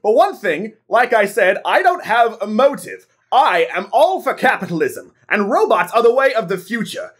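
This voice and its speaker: A woman's voice: mid-range voice, very animated, moderate pace, few pauses, breathy edge. A woman voicing a defensive male doctor in an amateur online audio drama, talking in an indignant, flustered way.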